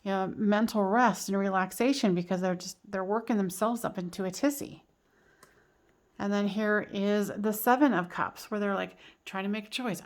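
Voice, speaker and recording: A woman's voice: mid-range voice, moderate pace. Woman, tarot reader, casual and giggly, loose delivery full of fillers. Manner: chatty, giggly, many fillers and restarts. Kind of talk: casual spoken tarot reading.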